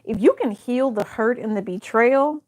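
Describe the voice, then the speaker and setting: A woman's voice: on the high side, normal speed, darkish tone. A woman reading tarot cards to camera in a casual style, thinking aloud as she goes and often trailing off or restarting. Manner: thinks aloud, hesitant, many fillers and restarts. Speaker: tarot reader.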